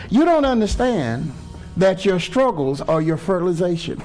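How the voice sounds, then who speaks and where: A high-voiced man preaches an impassioned sermon in a church. He calls out to the congregation and draws answers back from the pews, with faint music underneath. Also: sing-song, moderate pace, a little mellow. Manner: impassioned, call-and-response with congregation. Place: church sanctuary.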